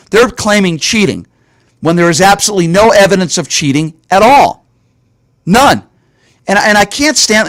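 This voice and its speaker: A man's voice: fairly high pitch, no room sound, clean studio sound. Indignant male talk show host. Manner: indignant, ranting, repeats points for emphasis. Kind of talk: political commentary.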